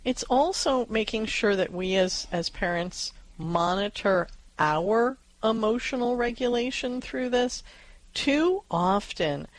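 A woman co-hosting a parenting advice show, speaking calmly and reassuringly to a parent. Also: medium pitch, no echo, low-quality recording.

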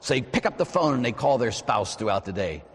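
Husky-voiced priest preaching in a reverberant church. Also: male voice, medium pitch, fairly quick. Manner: animated preaching, soft prayerful asides and acted-out quotes. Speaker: Catholic priest. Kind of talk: sermon.

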